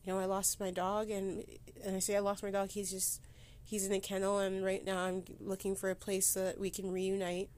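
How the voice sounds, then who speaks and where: A woman speaks on a personal solo podcast while holding back tears. Her pitch stays flat and level. She talks haltingly, breaking off and restarting her sentences. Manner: halting, with many restarts and pauses. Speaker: podcast host. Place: sitting against a board indoors.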